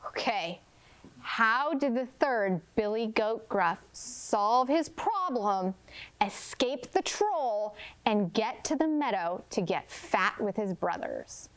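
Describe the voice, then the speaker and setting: A woman kindergarten teacher leading a storybook lesson, talking slowly and clearly with a very lively, sing-song rise and fall. Her tone is gentle and expressive as she pauses to ask questions. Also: fairly high pitch.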